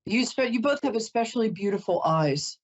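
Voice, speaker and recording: Emotional chatty psychic woman, husky. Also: on the high side, animated, fairly quick, poor audio. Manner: emotional, chatty, apologetic, tearing up. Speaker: psychic host. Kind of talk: psychic reading for a caller.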